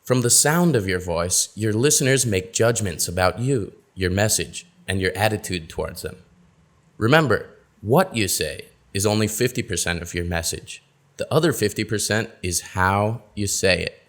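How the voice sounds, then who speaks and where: Low-voiced man teaching pronunciation. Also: lively intonation, fairly bright tone. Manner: clear, deliberate teaching with drawn-out example words. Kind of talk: webinar lesson.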